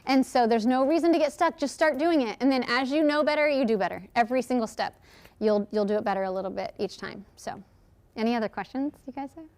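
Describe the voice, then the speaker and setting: A woman giving a lively, chatty workshop talk, answering audience questions and acting out quotes. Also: on the high side, fast talker. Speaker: speaker at a workshop.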